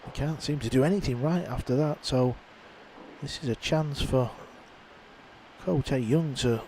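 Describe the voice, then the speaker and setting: A man's voice: medium pitch, measured pace, mellow, slight background noise, poor audio. A man giving live pool commentary in a conversational way, musing on how mistakes shake the players. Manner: conversational, reflective on players' mindset.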